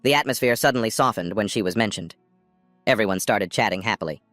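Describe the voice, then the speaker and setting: A man narrating a manhwa recap in a steady, scripted storytelling manner. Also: lowish voice, fast, dry recording. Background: faint music.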